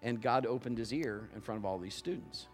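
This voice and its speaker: Man, pastor, sermon, chatty storytelling, emphatic bursts, mid pitch, faint music behind. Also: brisk.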